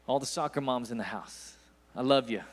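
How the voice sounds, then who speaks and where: A man's voice: medium pitch, moderate pace, breathy edge. Guest preacher, man in his forties, East Tennessee accent, storytelling sermon with emphatic peaks. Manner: folksy storytelling, rising to emphatic bursts. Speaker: guest pastor.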